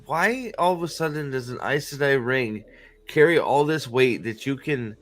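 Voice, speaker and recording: Podcast host, man, mid-pitched voice, animated, salty language, jeering impressions. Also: moderate pace. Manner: animated, swearing, mocking voices when quoting. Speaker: show host. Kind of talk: casual podcast chat.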